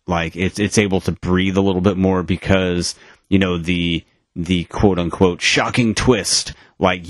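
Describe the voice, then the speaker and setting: A man's voice: low-pitched, no echo, clean studio sound. A man co-hosting a podcast in casual chat, rambling with many fillers and restarts over a remote call. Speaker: podcast co-host.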